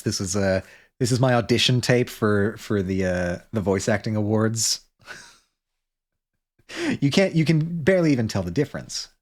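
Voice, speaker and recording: A man's voice: fairly low pitch, sing-song, a little slow, pauses often. A man streaming casually who chats in a rambling way, restarting and interrupting himself often. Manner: rambling, self-interrupting, many restarts and fillers. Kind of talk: casual livestream chat.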